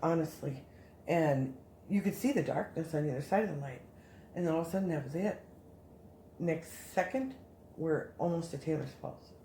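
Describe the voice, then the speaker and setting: A woman casually telling a story as a guest, animated and rambling with many restarts. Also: low voice, moderate pace, creaky, pauses often, reverberant, a little hiss or hum.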